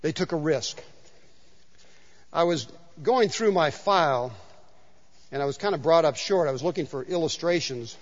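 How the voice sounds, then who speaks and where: Male pastor, sermon, high voice, storytelling, emphatic repeats, dull reverberant church sound. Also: animated, normal speed, long pauses. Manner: conversational storytelling with emphatic repetition. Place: church sanctuary.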